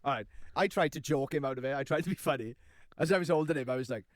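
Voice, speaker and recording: A man's voice: medium pitch, fast, dry recording, clean studio sound. A man co-hosting a podcast, teasing and jokey in casual chat. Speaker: podcast co-host.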